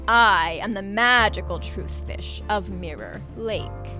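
Woman doing a booming magical fish. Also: bright, forceful tone, faint music behind. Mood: grand. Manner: slow, grand, booming.

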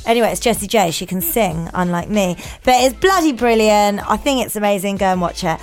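A woman's voice: medium pitch, lively intonation, brisk, few pauses, faint music behind. A woman co-hosting a casual chat podcast, giggly and chatty, often breaking into squeals. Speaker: podcast co-host.

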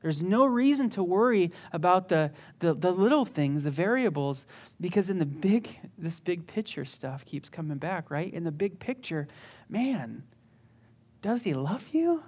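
A pastor preaching a sermon emphatically, often repeating words and restarting phrases, shifting between urgent stretches and quiet low passages. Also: lively intonation, moderate pace.

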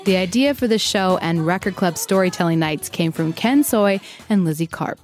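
A woman's voice: lowish voice, normal speed, darkish tone, soft background music. A woman hosting a podcast, reading scripted narration and then chatting with her guests in a friendly, conversational way. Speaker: podcast host.

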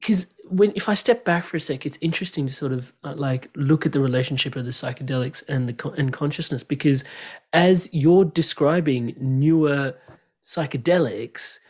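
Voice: mid-range voice, moderate pace, darkish tone. An interview host, speaking casually and reflectively, thinking aloud as they go.

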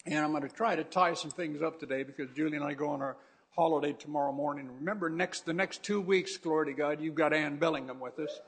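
A man's voice: fairly high pitch, fast. A man preaching a sermon to his congregation as their pastor, fervent and exhorting, repeating phrases for emphasis. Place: church service before a congregation.

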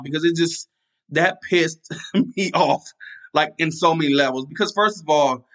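Heated podcast host, bright and fiery. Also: male voice, fairly high pitch, measured pace. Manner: angry, repetitive, many restarts and fillers. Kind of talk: casual solo podcast rant.

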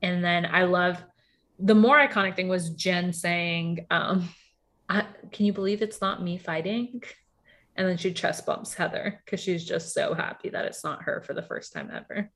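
Chatty woman recapping with animated quotes. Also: fairly low pitch, normal speed. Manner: chatty, filler-heavy, animated quoting. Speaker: podcast co-host. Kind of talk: casual reality-TV recap chat.

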